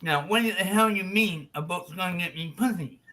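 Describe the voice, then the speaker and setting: A man's voice: high-pitched, normal speed, bright, forceful tone. A man voicing a dim male bar buddy with a nasal, slurred voice who stammers. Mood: indignant.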